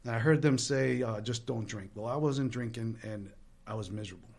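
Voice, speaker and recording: A man's voice: medium pitch, fairly quick, gravelly, darkish tone. A man telling his recovery story in a candid, earnest and self-deprecating way, with small restarts. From Latin American heritage. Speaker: guest sharing recovery story.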